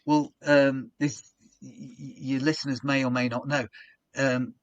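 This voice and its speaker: A man's voice: mid-range voice, a little slow, no room sound, dull audio. A man in casual chat, telling a comedy anecdote and acting out his old stage patter with rising energy. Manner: animated storyteller who acts out his own stage patter. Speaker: podcast guest, comedian.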